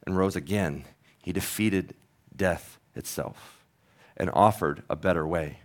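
A man who is a pastor, preaching a sermon in an earnest, conversational, storytelling manner. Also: deep voice.

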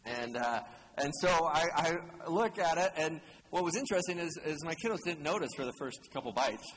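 A male pastor gives a relaxed, joking sermon and keeps putting questions to the congregation. His voice sits a little high for a man. He is recorded in a large hall with a long reverb and a faint hum of ambient noise behind him. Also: fairly quick. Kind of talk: conversational sermon.

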